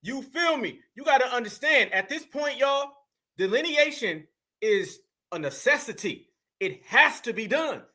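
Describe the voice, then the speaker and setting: High, bright-voiced man preaching to his audience. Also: lively intonation, a little slow. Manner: emphatic, preachy, addressing the audience as fam. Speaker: podcast host. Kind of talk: political commentary.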